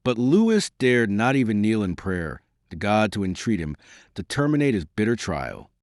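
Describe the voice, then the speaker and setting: A male audiobook narrator reads a classic novel aloud in scripted narration, measured and dramatic. His voice is low, but his intonation moves up and down with lively range, and the sound is dry and close with no room echo.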